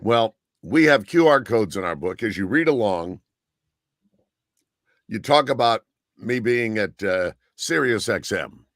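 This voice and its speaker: A man's voice: fairly low pitch, lively intonation, a little slow, no echo, studio quality. An older man, a radio broadcaster guest, chatting eagerly and rambling with many fillers. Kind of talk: casual interview chat.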